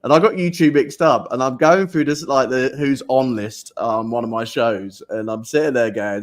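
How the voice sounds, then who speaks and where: A man's voice: mid-range voice, normal speed, few pauses. Chatty rambling man hosting a livestream. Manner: chatty, rambling, with fillers and repeated "I tell you what". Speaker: livestream host. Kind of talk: casual chat.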